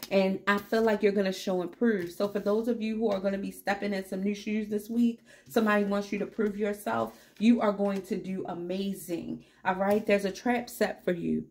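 A woman's voice: mid-range voice, darkish tone. A woman giving a casual tarot reading, upbeat and encouraging, chatting straight to her viewers, with a cat meowing in the background. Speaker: tarot reader.

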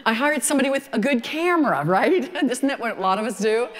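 Older southern lady telling stories on stage, kinda high voice, big echoey hall. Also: fast talker. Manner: folksy storytelling, animated asides. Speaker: photography speaker. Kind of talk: conference talk.

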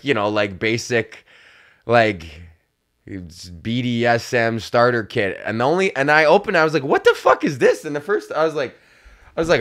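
A man's voice: mid-range voice, fairly bright tone. Profane rambling young man ranting. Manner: rambling, profane, laughs often, acts out quoted dialogue. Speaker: podcast host. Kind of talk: casual comedic rant.

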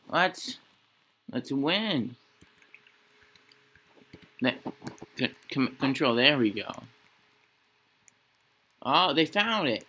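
A young man talks slowly through a horror game, his tone bright and a little sharp. He rambles and jokes, half-scared and half-playful, narrating whatever his character runs into. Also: medium pitch, a little hiss or hum. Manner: rambling, jokey, mock-scared talk to himself. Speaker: gaming channel host. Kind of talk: casual gameplay commentary.

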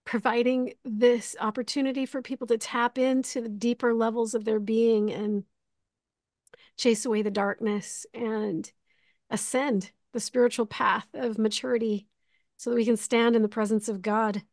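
A woman's voice: fairly high pitch, flat delivery, moderate pace, a little mellow, dry recording, studio quality. A woman hosting a live online spiritual class, gushing and giggly as she speaks with emotion on a video call. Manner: effusive and giggly, gushing with feeling. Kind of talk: live online class, heartfelt closing remarks.

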